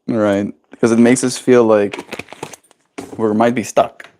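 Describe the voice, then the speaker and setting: A man livestreaming at home. He chats casually with his viewers and talks baby talk to his pet birds in a high, cooing voice. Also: steady tone, measured pace, dark tone, slight background noise.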